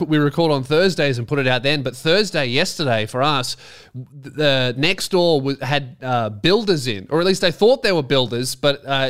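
A man's voice: medium pitch, a bit bright, smooth. An Australian man hosting a podcast, rambling through a casual comedic monologue with sardonic, self-mocking jokes. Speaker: podcast host.

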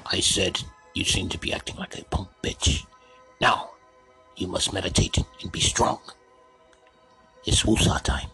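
A man voicing a crude old male sensei who muses slowly and throws out crude insults. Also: deep voice, vocal fry, sharp tone, soft background music, heavily acted, low-quality recording. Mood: mock-wise. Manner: slow, musing, drops crude insults.

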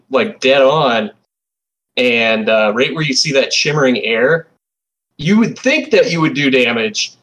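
A man's voice: medium pitch, a bit bright, rough recording. A man running a tabletop role-playing game as game master, narrating casually.

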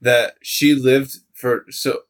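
A man's voice: medium pitch, little pitch movement, slow. Rambling man on a casual podcast. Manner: rambling, laughs often, lots of fillers. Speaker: podcast co-host. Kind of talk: casual chat.

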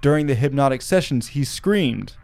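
A man's voice: medium pitch, expressive, normal speed, gravelly, darkish tone, dry recording, soft background music. Wry male podcast storyteller. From Arkansas. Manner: wry, laughs at his own asides. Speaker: podcast host. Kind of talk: storytelling with jokes.

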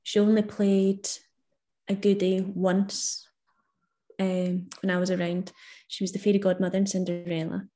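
A woman's voice: mid-range voice, little pitch movement, normal speed, dark tone. A young woman, a guest in a casual chat, talking reflectively with lots of "like" and easy laughter. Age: young adult.

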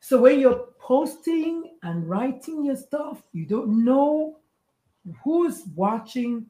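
Expressive woman from Nigeria, echoey room. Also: high voice, takes it slowly. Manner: acts out quoted voices, emphatic and expressive. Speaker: guest, pediatrician and life coach. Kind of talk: animated storytelling in conversation.

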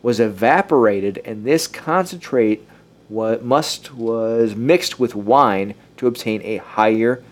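A chatty man leading a relaxed group conversation, mixing in passages he reads aloud. He laughs easily and often starts a sentence over. His voice sits at an ordinary middle pitch. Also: takes it slowly. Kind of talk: casual group discussion with some reading aloud.

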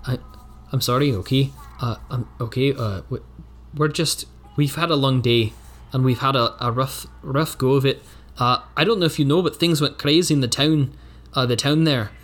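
A man's voice: mid-range voice, moderate pace, fairly bright tone, close to an everyday voice. A man voicing a wary, tough young woman traveler in a solo tabletop story, guarded and a little weary. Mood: apologetic.

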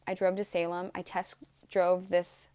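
A woman's voice: on the low side, completely flat delivery, unhurried, dark tone, clean tone. A woman in her twenties telling a rambling story to camera, swearing freely and saying "like" constantly. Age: 20s. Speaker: vlogger. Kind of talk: casual storytelling vlog.

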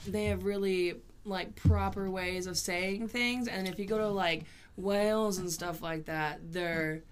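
A woman's voice: medium pitch, measured pace, a little hiss or hum. A young woman co-hosting a podcast, chatting casually and teasing with slang. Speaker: podcast co-host. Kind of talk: casual chat.

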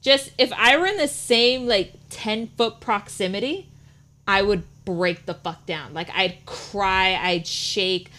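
A young woman from Mexico, with no accent, chatting casually on a podcast, animated and swearing freely as she tells long stories. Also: medium pitch, slow pace.

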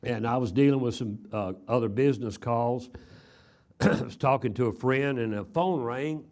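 A man's voice: medium pitch, moderate pace, darkish tone. An older man from Texas preaching a chapel sermon, telling stories in a folksy way with frequent fillers and repeated words. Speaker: traveling preacher.

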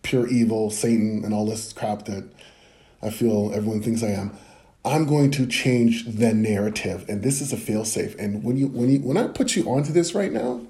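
A man's voice: on the low side, moderate pace, dark tone. A man performing a rambling comedic monologue to the camera, swinging between flustered apologies and mock-earnest preaching.

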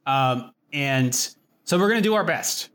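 A man's voice: mid-range voice, animated, a little slow, fairly bright tone, smooth. A man co-hosting a podcast in casual chat, rambling and swearing freely. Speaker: podcast co-host.

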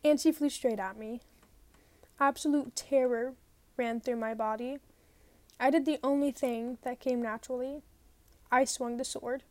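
Lady reading a novel out loud, slow and unhurried, lively storytelling. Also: high-pitched, dry recording. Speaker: reader.

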